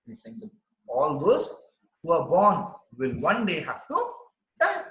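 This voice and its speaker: A man teaching, reading a story line by line and explaining it in simple English, with an animated delivery. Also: a little high, measured pace, reverberant, poor audio. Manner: animated, reads text aloud then explains in simple English. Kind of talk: line-by-line literature lesson.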